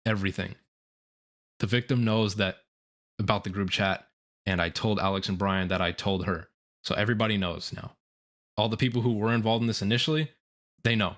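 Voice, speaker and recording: Young male streamer, lower register, guilty confessional monologue, halting and profane. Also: a bit bright. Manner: remorseful, halting, profane, filler-heavy.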